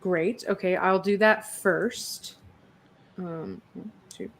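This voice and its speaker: A woman's voice: on the low side, slow pace, fairly bright tone. A woman playing a tabletop game, asking hesitant, polite questions about the rules. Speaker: player. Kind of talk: casual tabletop play.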